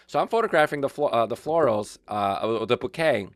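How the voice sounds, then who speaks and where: A man on a podcast recounts a wedding story in an easygoing chat. His pitch swings widely as he talks, and the sound is dry and close. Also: a little fast, no room sound. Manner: animated storyteller with many restarts. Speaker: podcast co-host, wedding photographer. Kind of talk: casual chat.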